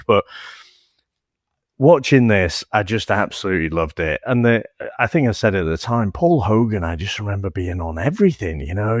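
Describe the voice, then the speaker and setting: A man's voice: sits low, no room sound, clean studio sound. A man co-hosting a movie podcast, reminiscing with rambling enthusiasm. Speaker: podcast co-host. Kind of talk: casual movie podcast chat.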